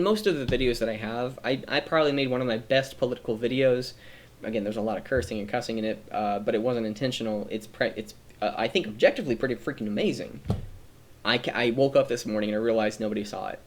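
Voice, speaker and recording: A man's voice: medium pitch, fast. A man streaming a reflective personal monologue, earnest and rambling, often restarting his sentences, emotional and near tears. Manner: earnest, rambling, self-correcting.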